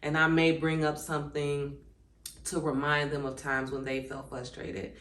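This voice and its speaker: A woman's voice: deep voice, little pitch movement, normal speed, fairly bright tone, reverberant. A woman hosting her own channel, talking reflectively and conversationally about her family and now and then reading passages aloud. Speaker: channel host. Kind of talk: personal vlog talk.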